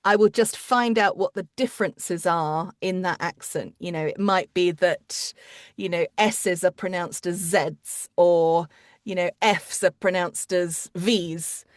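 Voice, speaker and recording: A woman's voice: lowish voice, steady tone, no room sound. Chatty woman, dry close mic. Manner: chatty, quick asides and restarts. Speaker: audiobook narrator and coach. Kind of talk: casual interview chat.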